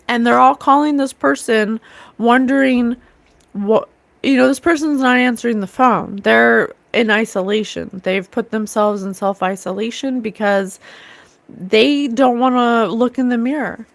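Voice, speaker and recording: A woman hosting a psychic talk show, ranting with scorn in a loose, animated way and often mocking others in sing-song voices. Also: on the high side, creaky, no echo. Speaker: psychic livestream host. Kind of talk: casual spiritual rant.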